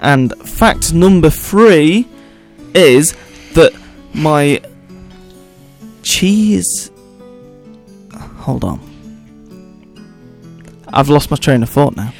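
A man co-hosting a radio chat from a studio microphone, his fairly high voice bouncing up and down with lively range. He talks in an unhurried, playful way, tripping over and repeating words, with faint music playing underneath. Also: gravelly. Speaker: co-host of a student radio show.

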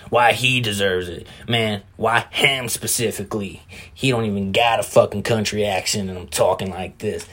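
A man with a fairly low voice talks in a loose, rambling way on his own podcast. He curses freely and keeps things casual. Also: fairly even intonation, normal speed, a bit bright. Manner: rambling, profane, laid-back. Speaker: podcast host. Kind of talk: casual solo chat.

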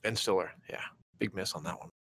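A man's voice: low-pitched, a little fast, slightly rough. A man co-hosting a casual podcast, talking loosely, swearing freely and acting out lines from movies. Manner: animated, swears freely, acts out quotes. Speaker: podcast co-host. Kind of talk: casual chat.

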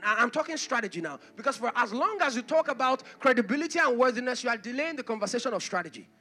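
Male pastor, high lively voice, bright, passionate sermon delivery, soft music underneath. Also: fast talker, few pauses. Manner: impassioned preaching, rising to shouts, with acted asides.

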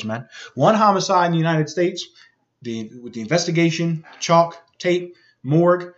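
A man reads news reports aloud and comments on them, repeating phrases for emphasis and checking in with the listener again and again. His voice is a little high with a fairly bright tone, captured on a dull lo-fi recording.

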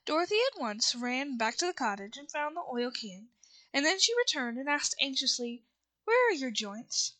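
A woman reads a children's novel aloud in a steady, unhurried way, stumbling on a word now and then. Her voice sits high and sounds bright and clear. It has the easy tone of reading chapters to listeners. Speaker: reader.

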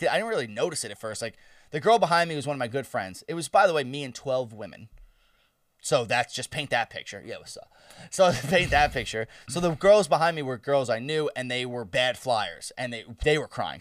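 Young dude telling a wild story, lively up and down voice, swears a lot, dry close mic. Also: male voice, mid-range voice, fast, no echo, distant mic. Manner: animated, swearing, laughing, acts out screams. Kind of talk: casual storytelling chat.

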